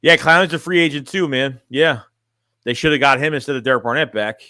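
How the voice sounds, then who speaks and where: A man streams as a sports fan, chatting casually, reading chat, and talking bluntly while rambling and restarting phrases. His mid-range voice is a little fast, pushed and bright, recorded in studio quality with no room sound.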